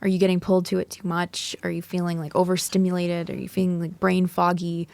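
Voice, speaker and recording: A woman's voice: lowish voice, monotone, quick pace, gravelly, a little mellow, dry recording. A woman co-hosting a podcast, speaking in an encouraging, agreeable and reflective way in casual chat. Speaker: podcast co-host.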